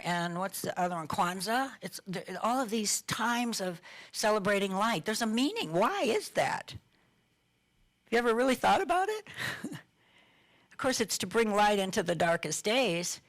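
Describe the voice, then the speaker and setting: A woman's voice: mid-range voice, fairly bright tone. A middle-aged woman minister giving a conversational sermon, asking her listeners questions and laughing lightly now and then. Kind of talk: informal sermon talk.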